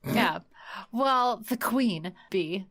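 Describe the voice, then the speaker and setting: A woman's voice: medium pitch, expressive, fairly bright tone, slightly rough. A woman hosting a comedy podcast, chatting casually and joking with frequent laughs. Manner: jokey, quick, laughs often. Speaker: podcast host.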